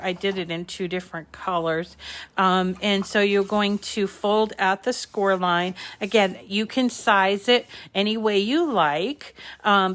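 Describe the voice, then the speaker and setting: In a mid-range, fairly bright voice, the woman hosting a live paper-crafting tutorial chats casually, stumbling into ums and brief restarts as she leads viewers through each step of the crafting channel's project.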